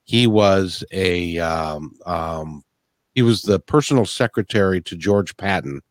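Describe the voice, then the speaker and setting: Low-voiced halting podcast host. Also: male voice, no echo. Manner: halting, repeats words when starting. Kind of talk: casual interview chat.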